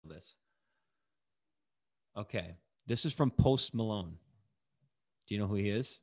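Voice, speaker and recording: A man's voice: lowish voice, lively intonation, slow pace, a little mellow. A man hosting a casual lyric quiz, reading out lines and answer options and laughing easily. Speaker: quiz host. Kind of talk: casual game chat.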